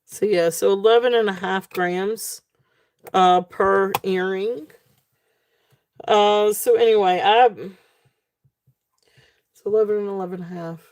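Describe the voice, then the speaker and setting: A woman hosting a live jewelry sale stream, talking casually with many fillers and a relaxed, tired manner. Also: medium pitch, slow pace, pauses often.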